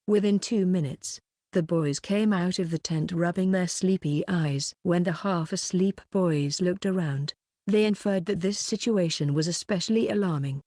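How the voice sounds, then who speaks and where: A woman reads a first-person novel in a measured, even way. Her voice sits on the low side. The sound is close and dry, with no room around it. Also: no echo. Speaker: audiobook reader.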